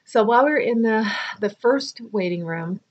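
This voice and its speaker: A woman's voice: a little high, animated, normal speed, lo-fi sound. A tired middle-aged woman chatting casually to camera, telling a rambling personal story with restarts and asides. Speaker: vlogger.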